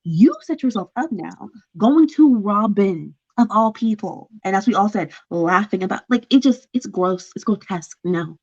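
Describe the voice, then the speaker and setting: A woman in a casual reality-show recap chat, exasperated and firing off one rhetorical question after another. Her voice is mid-pitched and slightly muffled. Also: animated, moderate pace, hardly any pauses, a little mellow. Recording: muffled lo-fi sound.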